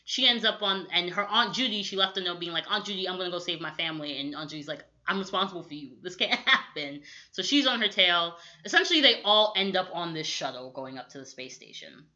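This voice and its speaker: A young woman co-hosting a podcast, recapping a movie in casual chat and acting out quick quotes, with lots of "like". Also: on the low side. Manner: animated storytelling with quick acted-out quotes, lots of "like". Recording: dull lo-fi audio.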